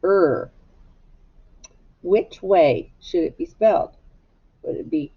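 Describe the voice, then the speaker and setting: A woman's voice: medium pitch, sing-song, slow pace, gravelly, pauses often, slightly rough. A woman teaching a phonics lesson to young children, patiently asking them to repeat words after her. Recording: slightly dull lo-fi recording.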